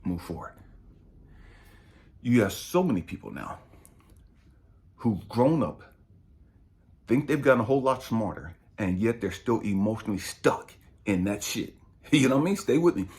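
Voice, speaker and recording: A man's voice: medium pitch, darkish tone. A middle-aged man, a spiritual coach, preaching in an impassioned, emphatic way and swearing freely. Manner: profane, emphatic, passionate.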